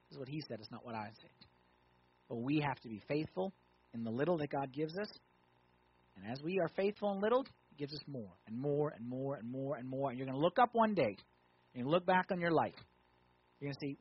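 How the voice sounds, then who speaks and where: A man preaching a conversational sermon, asking the crowd questions and swinging from loud emphatic points to quiet ones. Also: fairly high pitch, expressive, a little fast, husky, lo-fi sound. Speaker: pastor.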